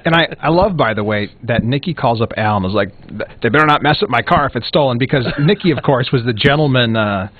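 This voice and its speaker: A man from North Dakota cracking quick jokes in casual talk-radio banter. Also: mid-range voice, expressive. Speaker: radio show co-host. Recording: phone-like radio broadcast.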